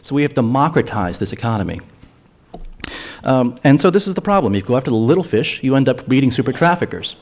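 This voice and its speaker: A man's voice: medium pitch, big pitch swings, fast. A man speaking at a public forum on drug policy, earnest and argumentative, often restarting his phrases. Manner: earnest, argumentative, repeats words when restarting. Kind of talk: forum talk. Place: lecture hall.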